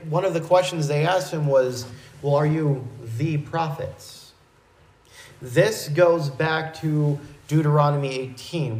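A man preaching a verse-by-verse Bible teaching in a measured, explanatory way, with small restarts. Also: fairly high pitch, a little mellow, roomy sound, low-quality recording.

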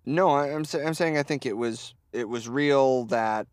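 A man's voice: mid-range voice, moderate pace, smooth, no room sound. A man co-hosting a casual podcast, laid-back and dry, hedging his opinions as he chats. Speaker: podcast co-host. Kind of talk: casual chat about wrestling.

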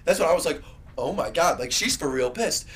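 A young man chats on a podcast, his slightly raised voice swinging widely in pitch. He spins profane, rambling stories and breaks into loud bursts. The talk is loose and casual. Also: lively intonation, brisk. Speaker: podcast co-host. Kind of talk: casual chat.

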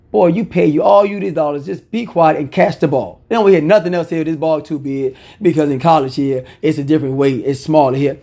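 Gravelly-voiced man giving football picks. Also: fairly high pitch, brisk, few pauses. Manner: animated, opinionated, repeats phrases for emphasis. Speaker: sports picks commentator. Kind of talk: casual football betting picks.

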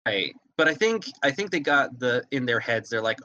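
A man's voice: medium pitch, big pitch swings, normal speed, few pauses, bright, forceful tone, a little hiss or hum. A man hosting a podcast, chatting casually and rambling as he corrects himself mid-thought. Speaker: podcast host. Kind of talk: casual chat.

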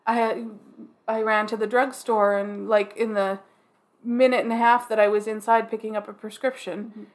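A woman co-hosting a podcast, chatting casually in a relaxed way with dry asides. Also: on the high side, moderate pace. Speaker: podcast co-host. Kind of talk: casual chat.

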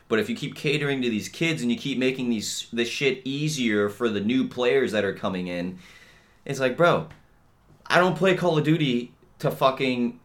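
A young man hosting a podcast, ranting bluntly and swearing constantly, with lots of filler and "you know what I mean.". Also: mid-range voice. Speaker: podcast host. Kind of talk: casual rant.

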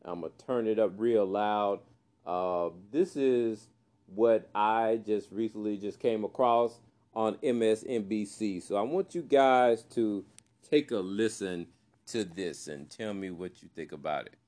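Deep-voiced man hosting a casual podcast. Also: measured pace, a little mellow. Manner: loose and chatty, says "man" constantly, many fillers. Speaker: podcast host. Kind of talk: casual solo podcast talk.

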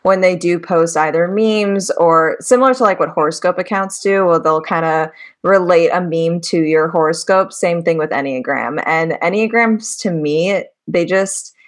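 A woman from the Boston area hosting a podcast, upbeat and chatty and quick to laugh. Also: fairly low pitch. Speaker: podcast host. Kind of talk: casual podcast interview.

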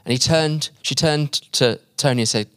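A male preacher telling a story in a sermon, acting out the quoted voices and dropping quiet and slow at the emotional points. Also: fairly high pitch, no room sound, clean studio sound. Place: conference hall.

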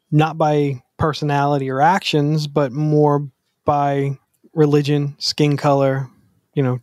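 A man's voice: a little high, no room sound, studio quality. A man co-hosting a podcast in casual chat, reflective and blunt in his opinions. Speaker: podcast co-host.

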